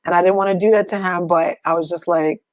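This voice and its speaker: A woman's voice: on the low side, steady tone, quick pace, a little mellow, no echo. Middle-aged woman, coach, reflective questions, easy laughter, dry recording. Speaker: podcast co-host and coach. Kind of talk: casual chat.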